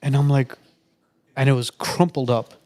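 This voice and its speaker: Man in his thirties, podcast co-host, chatty storyteller, mid-pitched voice. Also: steady tone, normal speed, dark tone. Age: 30s. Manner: chatty storyteller, many restarts. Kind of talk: casual chat.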